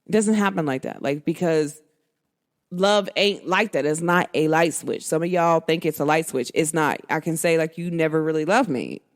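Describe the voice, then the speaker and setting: Hosting a podcast, a deep-voiced woman talks at a moderate pace directly and frankly to listeners. Her expressive monologue is slangy, and she performs snippets of dialogue she remembers.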